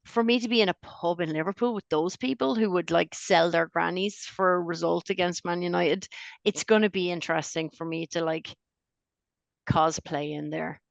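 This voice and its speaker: A middle-aged woman chatting on a podcast, her voice full of gravelly fry. She tells stories with lots of swearing and laughter. The sound is dry and close. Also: on the low side, moderate pace, dry recording. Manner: profane, animated storyteller, laughs often. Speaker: podcast co-host. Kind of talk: casual chat.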